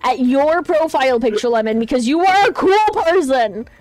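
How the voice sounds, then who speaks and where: A woman's voice: high-pitched, expressive, moderate pace, darkish tone. A woman hosting a live stream, gushing and rambling in casual chat, with many restarts. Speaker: streamer host.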